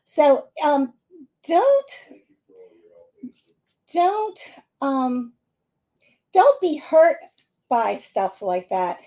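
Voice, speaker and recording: Chatty high-voiced woman from the Philadelphia area. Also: extremely slow, long pauses. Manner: chatty, animated, laughing often. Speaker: psychic medium hosting a live stream. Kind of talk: casual live-stream talk to viewers.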